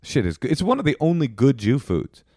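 A man's voice: mid-range voice, sing-song, a little fast, a little mellow, breathy edge. A man co-hosting a comedy podcast, his voice rising and falling a lot as he teases and feigns outrage. He laughs often. The sound is close and dry, with no room echo. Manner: teasing, mock-indignant, laughs often. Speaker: podcast co-host. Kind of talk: comedic casual chat.

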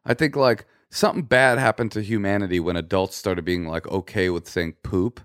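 A man co-hosting a podcast in casual chat, telling stories with lively, shouted impressions. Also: normal speed, clear, resonant tone, no echo, studio quality. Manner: animated storyteller, shouts quoted lines in a high voice. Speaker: podcast co-host.

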